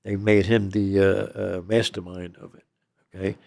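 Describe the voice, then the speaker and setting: A man's voice: deep voice, little pitch movement, moderate pace, creaky, a little mellow. An older man telling a long story as an interview guest, rambling and tagging his lines with "okay?" and "you know".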